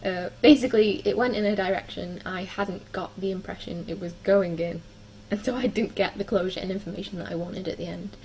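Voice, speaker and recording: A woman's voice: medium pitch, fairly quick, hardly any pauses, a little mellow, a little hiss or hum, low-quality recording. A young woman chatting casually through her book reviews, with frequent ums and likes. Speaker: book vlogger.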